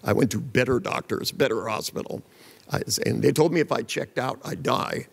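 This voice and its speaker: In a large hall, an older man talks at a moderate pace in a mid-range voice marked by vocal fry and huskiness. The live seminar features his blunt, joking tales, with the voices of the people acted out.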